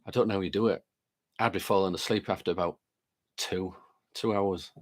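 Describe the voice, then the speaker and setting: A man with a fairly low voice hosts a live stream in a relaxed, chatty way. He works through the viewer comments, reads them aloud and greets people by name one after another. He still has a lingering chest cold. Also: fairly quick.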